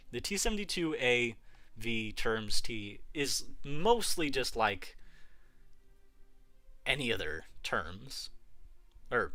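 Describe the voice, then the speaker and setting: A man's voice: mid-range voice, bright, forceful tone. A man hosting a gaming livestream, chatting casually and rambling as he answers viewers' messages. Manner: rambling, answering chat messages as they come. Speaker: livestream host.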